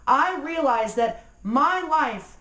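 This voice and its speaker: Brief: woman in her forties, motivational speaker, bright high voice, echoey room, earnest. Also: animated. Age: 40s. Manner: earnest, slows down and drops low on key phrases. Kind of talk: motivational talk to camera. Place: room with a phone ringing nearby.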